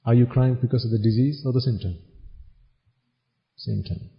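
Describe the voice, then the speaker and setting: A man's voice: medium pitch, fairly even intonation, creaky. Guy giving a buddhist dharma talk, keeps asking questions then answering them, kinda muffled recording. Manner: chants Pali phrases quickly. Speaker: Buddhist preacher. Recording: dull lo-fi recording.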